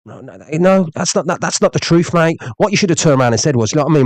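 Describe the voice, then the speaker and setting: A man's voice: a little high, animated, very fast, few pauses, a little mellow, no echo. A man hosting a livestream, ranting heatedly and saying "mate" over and over. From England. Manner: heated, repeats "mate" often. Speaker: livestream host.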